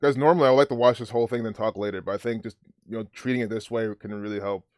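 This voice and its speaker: A man giving casual, rambling, profane commentary over a video clip, pausing to decode numbers. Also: on the low side, fairly even intonation, darkish tone, no echo, clean studio sound.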